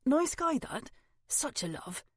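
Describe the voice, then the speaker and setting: A brash, chatty young male detective with a lively, cheeky way of talking, as a woman reads him in an audiobook. His voice sits a little higher and brighter than the narration, very dry and close with no room around it. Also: slow pace, husky, dry recording, exaggerated voice. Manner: energetic, flippant, cheeky.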